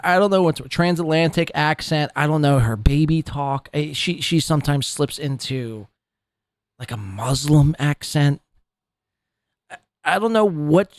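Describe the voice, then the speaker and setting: A man rants through podcast commentary, his voice sitting a little high. He is profane and scornful and rambles from point to point. The sound is dry and close, with no room in it. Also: no room sound. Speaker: podcast host. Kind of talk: ranting commentary.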